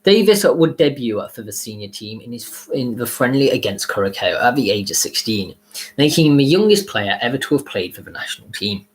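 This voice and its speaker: A man's voice: medium pitch, big pitch swings, a little fast, poor audio. A man presenting a casual video, reading facts with frequent stumbles and self-corrections. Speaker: YouTuber. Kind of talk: casual video commentary read from notes.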